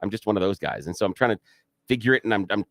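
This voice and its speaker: A male radio co-host with a very low voice who talks quickly and rambles through his points, restarting as he goes. The recording is close and dry. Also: lively intonation, no room sound. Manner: rambling, stumbles over restarts, laughs easily. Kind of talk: casual radio banter. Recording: dry studio mic.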